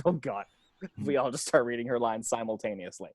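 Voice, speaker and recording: A man's voice: medium pitch, lively intonation, normal speed, dry recording. A man casually hosting a table read over a video call, chatty and laughing as he introduces the cast. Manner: chatty, laughing, apologetic asides.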